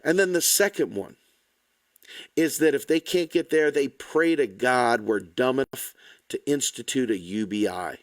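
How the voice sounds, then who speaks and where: A man's voice: medium pitch, expressive, unhurried, dry recording. A man delivering an impassioned, angry, blunt political rant to the camera, swearing freely. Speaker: political commentator.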